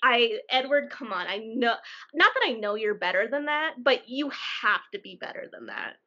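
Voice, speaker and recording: A woman co-hosting a podcast, chatting casually about a book in an animated way, with frequent restarts. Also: a little high, normal speed, highs cut off. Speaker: podcast co-host.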